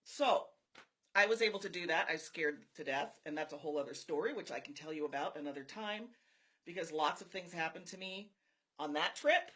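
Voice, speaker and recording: A woman's voice: deep voice, expressive, brisk, a bit bright. A woman talking live to her viewers, telling a personal story in an earnest, confiding way. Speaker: network marketer streaming live to followers.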